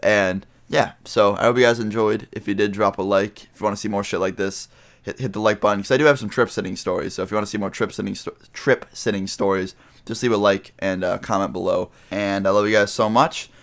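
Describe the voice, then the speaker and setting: A young man telling a story straight to his viewers, rambling along with lots of filler words. His voice sits a little low. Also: fairly even intonation, a little fast, gravelly. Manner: rambling, full of "you know" and "I mean". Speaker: vlogger. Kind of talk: casual storytelling to camera.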